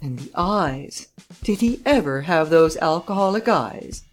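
A woman's voice: low voice, lively intonation, soft background music. Woman doing a serious detective guy, solemn and careful, barely changed from her own voice. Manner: solemn, deliberate testimony. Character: grave, precise male detective.

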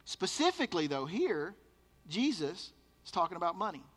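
A male pastor delivers a sermon in a very high, bright voice. He is emphatic and drives his points home by repeating words. His voice carries a long reverb, as in a large hall. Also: sing-song, moderate pace.

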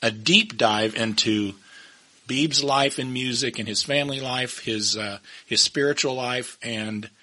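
A man's voice: medium pitch, unhurried, bright, forceful tone. Enthusiastic male podcast co-host. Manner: enthusiastic, promotional asides. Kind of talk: podcast chat.

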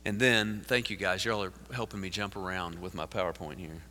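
A man, a pastor preaching a sermon in a church, moving from earnest storytelling to forceful preaching. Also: low voice, fairly even intonation, fairly quick, a little hiss or hum. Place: church sanctuary. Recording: live sermon in a reverberant sanctuary.

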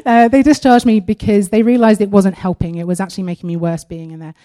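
A woman sharing a personal testimony at a church service, earnest and halting, partly reading aloud from her own writing. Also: mid-range voice, fairly even intonation, mellow. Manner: earnest and halting, with frequent pauses.

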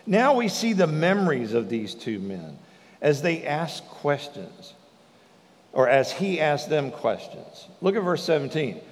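A male pastor preaching a sermon in a lively way, acting out the lines of the scripture. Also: on the high side, measured pace, in a large hall. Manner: animated preaching, acts out the speakers in the scripture.

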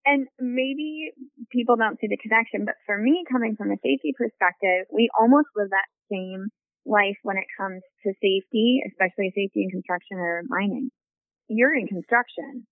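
A woman's voice: medium pitch, normal speed, no room sound. Safety lady from construction talking it through, earnest, sounds like a thin dry phone line. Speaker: safety professional in construction, guest. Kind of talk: conversational interview answers.

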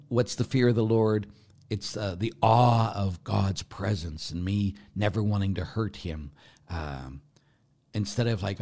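A middle-aged priest with a fairly low voice talks through a point of faith like a chat rather than a formal sermon. He wanders off on tangents and keeps checking in with his listeners through quick rhetorical questions. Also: darkish tone. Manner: rambling, goes off on tangents, asks listeners rhetorical asides. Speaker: Catholic priest. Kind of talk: conversational teaching on faith.

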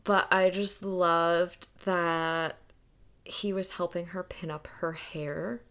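A woman co-hosting a casual book chat, relaxed and reflective, often trailing off mid-thought. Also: on the low side, slow, clear, resonant tone. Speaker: podcast co-host.

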